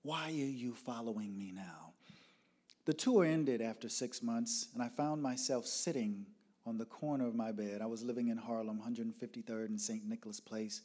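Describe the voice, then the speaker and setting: A man telling a personal story dramatically, moving from loud outbursts to hushed whispers. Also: medium pitch, steady tone, moderate pace.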